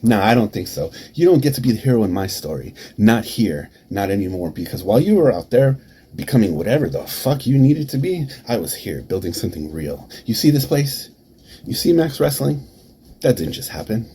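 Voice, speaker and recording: A man cutting a taunting wrestling promo, dropping to hushed whispers and then rising to shouts. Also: fairly low pitch, a little hiss or hum. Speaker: promo performer.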